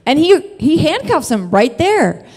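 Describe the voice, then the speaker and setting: A woman's voice: high-pitched, very animated, a little slow, darkish tone, in a large hall. A woman telling a funny personal story on stage, chatty and swearing freely, laughing often between lines.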